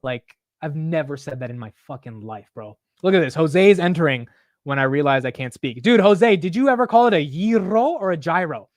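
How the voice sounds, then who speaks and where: A man hosting a live market show, talking casually in an animated, profane, self-mocking way. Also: fairly high pitch, moderate pace, no room sound, studio quality. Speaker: market livestream host.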